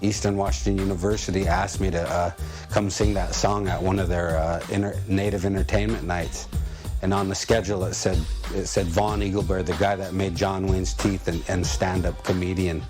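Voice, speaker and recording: A man telling stories about his singing career in a relaxed, anecdotal way. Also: sits low, normal speed. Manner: relaxed, anecdotal, some repeats. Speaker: singer and storyteller. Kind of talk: storytelling talk. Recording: music playing underneath.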